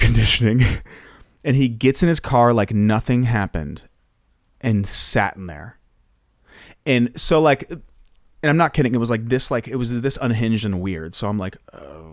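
A man's voice: mid-range voice, animated, normal speed, no echo. Male singer guest, chatty filler-heavy storyteller, close dry mic. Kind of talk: casual anecdote telling.

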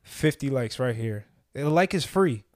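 A man's voice: medium pitch, expressive, a little slow, dry recording, studio quality. A young man hosting a podcast in casual chat, with laid-back slangy talk. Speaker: podcast host.

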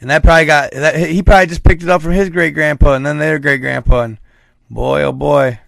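A man's voice: fairly high pitch, steady tone, fairly quick, creaky, a bit bright, no room sound, studio quality. A man talking casually with his viewers, telling a rambling story full of slang. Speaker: streamer chatting with viewers. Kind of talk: casual chat.

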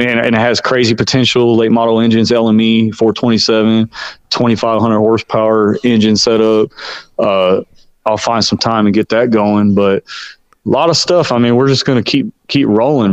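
A man's voice: mid-range voice, smooth, dry recording, low-quality recording. A man in his forties, a podcast guest, talking in a brash, profane, boastful way in casual chat.

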